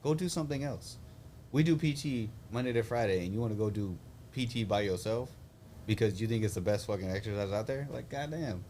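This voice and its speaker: Blunt, swearing army vet. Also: male voice, fairly low pitch, brisk, darkish tone, slight background noise. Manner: profane, blunt, laughing storyteller. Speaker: podcast host, Army veteran. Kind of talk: casual chat.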